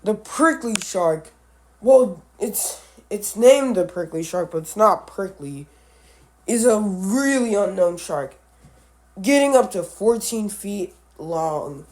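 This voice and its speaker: A man giving casual commentary on animal matchups, halting and often correcting himself, with offhand musing asides. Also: sits high, animated. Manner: halting, with frequent restarts and self-corrections. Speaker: animal video creator.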